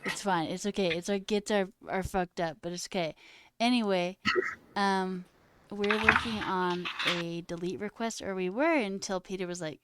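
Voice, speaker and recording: A woman's voice: medium pitch, steady tone, moderate pace, noisy background. A woman hosting a casual livestream, chatting to her viewers and plainly explaining the project she is coding. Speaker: streamer host.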